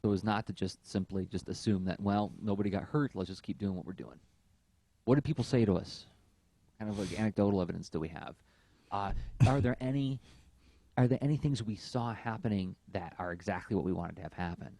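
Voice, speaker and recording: Man, low gravelly voice, mellow tone, dry close sound, casual podcast chat, thoughtful and rambling. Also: brisk, no room sound. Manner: talks in long thoughtful runs with many fillers. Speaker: podcast co-host.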